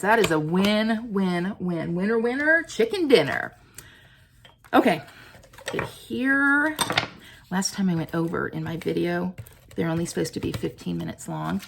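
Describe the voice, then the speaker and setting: A woman, chatting excitedly as she demonstrates stamping a card. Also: mid-range voice, vocal fry, a little hiss or hum. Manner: chatty and excitable, cooing over her work. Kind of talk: casual craft tutorial.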